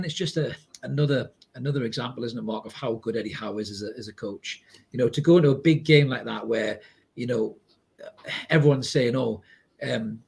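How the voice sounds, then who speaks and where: A man, co-hosting a podcast, chatting excitably, swearing freely and reading out viewer comments. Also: medium pitch, husky. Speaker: podcast co-host. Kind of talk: casual match reaction chat.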